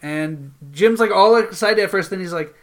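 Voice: mid-range voice, normal speed. A podcast co-host in casual chat, retelling a TV episode and laughing often along the way.

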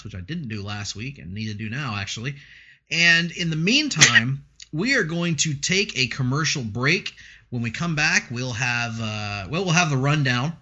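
A man's voice: fairly high pitch, bright, forceful tone, highs cut off. A man co-hosting a casual comics podcast, chatty and laughing often. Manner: chatty, laughs often, breaks into a mock radio announcer voice. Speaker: podcast co-host.

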